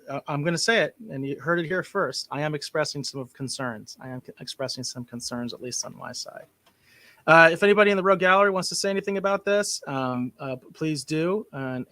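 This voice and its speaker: A man hosting a casual podcast chat, animated and opinionated, with big swings in loudness. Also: mid-range voice, no room sound. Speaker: podcast host.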